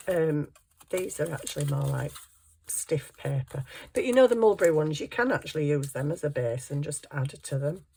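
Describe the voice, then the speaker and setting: A middle-aged woman talks her way through a craft project in a relaxed, rambling manner, poking fun at herself as she goes. Her voice sits low, with a husky grain to it. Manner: chatty, rambling, self-deprecating, often laughs. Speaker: crafting vlogger. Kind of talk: casual crafting chat.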